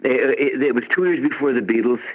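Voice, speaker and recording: A man in his seventies from Chicago, a musician guest telling stories in a playful, animated way over the phone. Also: medium pitch, fast talker. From Chicago, USA. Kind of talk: phone interview. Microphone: telephone. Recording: tinny phone line.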